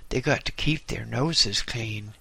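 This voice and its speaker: A man's voice: mid-range voice, slow pace, gravelly, pushed and bright, husky, heavily acted. A man voicing a nervous but kindly ship's stoker who speaks broken English in a confiding tone.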